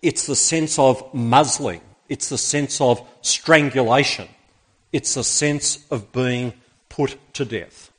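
Husky-voiced male preacher. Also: mid-range voice, takes it slowly, fairly bright tone. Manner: asks the congregation rhetorical questions. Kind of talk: sermon with Bible reading.

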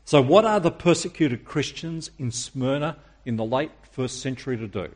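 A man preaching a sermon, emphatic and using dramatic pauses and rhetorical questions. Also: mid-range voice, lively intonation.

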